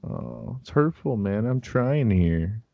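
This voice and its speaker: A man's voice: on the low side, lively intonation, slow pace, vocal fry, phone-quality sound. A man co-hosting a casual anime chat, talking in a chatty, defensive way and laughing easily. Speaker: podcast co-host.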